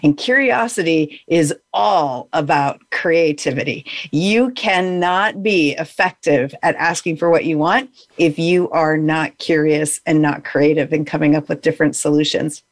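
A woman's voice: sits low, unhurried, hardly any pauses, no room sound. A woman speaking as a guest over a video call, earnest and reflective as she explains her work. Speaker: guest, negotiation consultant. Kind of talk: casual chat.

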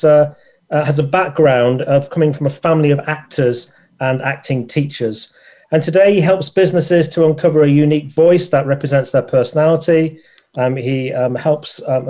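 Halting male podcast host, higher voice. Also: warm tone. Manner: halting, many fillers and restarts. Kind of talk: introducing a guest.

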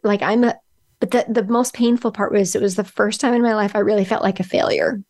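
A middle-aged woman, a podcast guest, telling a personal story in a halting way, often restarting and searching for words. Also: medium pitch, fairly even intonation, a little mellow.

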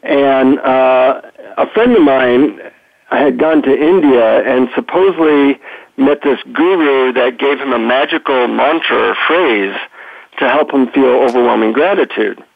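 A man's voice: mid-range voice, unhurried, gravelly, no echo. A middle-aged man, a psychotherapist and author, telling stories as a guest on a phone-in radio interview. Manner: animated storyteller, chatty with fillers. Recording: tinny phone line.

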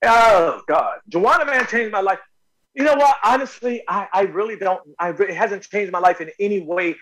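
Animated high-voiced man telling stories. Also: normal speed, low-quality recording. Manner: excitable, emphatic, swings into loud bursts when acting out moments. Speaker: actor guest. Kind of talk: animated storytelling interview.

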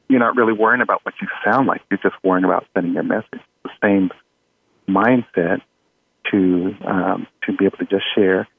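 A man, an audio engineer guest in an interview, talking in a relaxed way with frequent fillers and small laughs. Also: low voice, moderate pace, creaky, slightly rough. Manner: relaxed, chuckling, many fillers. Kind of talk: conversational interview. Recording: tinny phone-like line.

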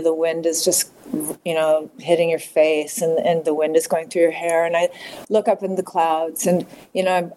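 A middle-aged woman speaking candidly as an interview guest, halting and repeating words as she talks. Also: lowish voice, warm tone, a little hiss or hum, low-quality recording. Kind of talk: emotional personal interview.

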